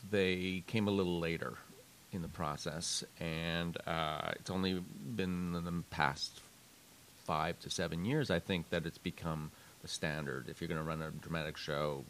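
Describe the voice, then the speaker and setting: A man from Montreal moderating a live panel, asking measured questions with pauses. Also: low-pitched, fairly even intonation, fairly bright tone, slight background noise. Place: live event with an audience.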